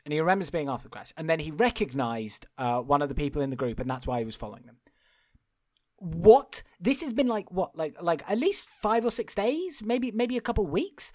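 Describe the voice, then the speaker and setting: A man co-hosting a podcast, recapping a film in casual chat, incredulous and swearing as he laughs through it. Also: on the high side. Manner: animated, incredulous, swears and laughs while retelling. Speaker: podcast co-host.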